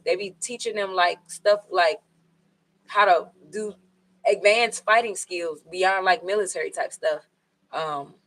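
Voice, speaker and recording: Casting: woman tarot reader, bright tone, loose rambling delivery with fillers. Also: medium pitch, poor audio. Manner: rambling, conversational, with many fillers. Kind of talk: casual tarot reading.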